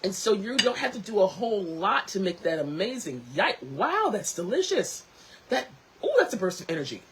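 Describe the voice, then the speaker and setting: A woman hosting her own tea talk show, chatting casually to camera, lively and quick to laugh. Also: medium pitch, noisy background.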